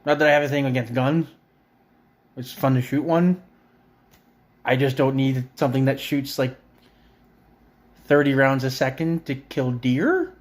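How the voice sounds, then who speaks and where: A man's voice: mid-range voice, steady tone, unhurried, pauses often. Middle-aged guy, profane exasperated home vlog rant, sarcastic edge, mid-range voice. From Canada. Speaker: vlogger. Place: a friend's house, indoors.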